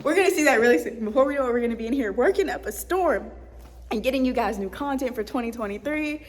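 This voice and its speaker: Young woman vlogger, high voice, fervent and preachy, echoey empty office. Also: animated, quick pace. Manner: fervent and preachy, with quiet prayerful asides. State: out of breath. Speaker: vlogger and ministry leader. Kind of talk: casual inspirational vlog talk. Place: empty office room, indoors. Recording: long room reverb.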